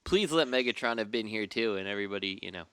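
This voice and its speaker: A man co-hosts a casual podcast with sarcastic jokes. His voice is smooth and bright, fairly low in pitch, and dry on the mic. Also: lively intonation, quick pace, no room sound. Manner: sarcastic, joking. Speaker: podcast co-host.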